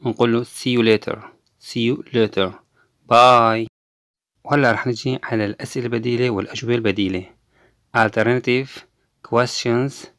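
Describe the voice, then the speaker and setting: Male English teacher, slow repeat-after-me drills, dry close recording. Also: medium pitch, a bit bright, dry recording. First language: Arabic. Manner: drills each English phrase slowly twice, explains quickly in Arabic. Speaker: language teacher. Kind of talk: recorded language lesson.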